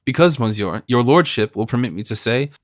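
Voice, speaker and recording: A man reads the part of a fawning middle-aged innkeeper in an audiobook, talking in long, deferential phrases. His voice stays mid-pitched and plain, close to the narration. The sound is dry, with no room around it. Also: lively intonation, fairly quick, no echo, lightly acted. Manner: deferential, rambling, ingratiating.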